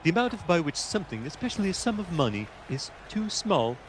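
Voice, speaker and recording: Brief: man doing a prim, pompous announcer character, higher voice with big swoops, slight background hiss. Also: very animated, quick pace. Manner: mock-formal, theatrical, over-enunciated. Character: pompous stuffy British-style male announcer, prim. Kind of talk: comic put-on commentary.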